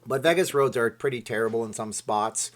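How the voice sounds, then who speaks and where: A man's voice: medium pitch, a little fast. Rambling man chatting live. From Saskatchewan, Canada. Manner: rambling, chatty, reacts to viewer comments. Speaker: channel host. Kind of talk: casual live-stream chat.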